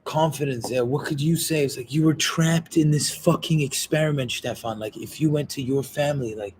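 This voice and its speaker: A man's voice: a little high, darkish tone, a little hiss or hum. Rambling, swearing man in casual talk. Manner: rambling, swearing, quoting others in quick voices.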